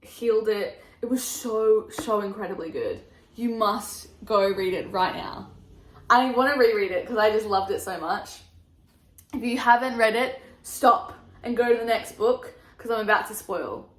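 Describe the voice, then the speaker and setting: A young woman reviewing her favourite books in a casual vlog, gushing and animated, laughing often. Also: mid-range voice, normal speed. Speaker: book vlogger. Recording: echoey room.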